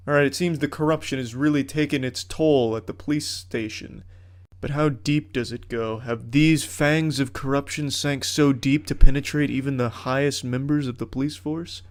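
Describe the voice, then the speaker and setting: A man's voice: medium pitch, steady tone, moderate pace. A man giving comedic gameplay commentary in a crude, sarcastic, mock-heroic way. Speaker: gaming commentator.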